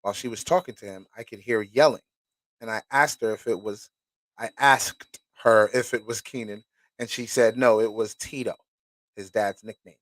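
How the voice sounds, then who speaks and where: A man's voice: on the low side, steady tone, normal speed, a bit bright, no echo. A man hosting a show, reading documents aloud and stopping to react with casual, profane commentary. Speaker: host.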